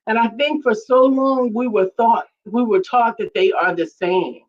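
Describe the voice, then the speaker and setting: A woman's voice: fairly high pitch, unhurried. A woman co-hosting a casual faith-based talk show, earnest and preacherly, reading out viewer comments. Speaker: co-host, coach. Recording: dull lo-fi audio.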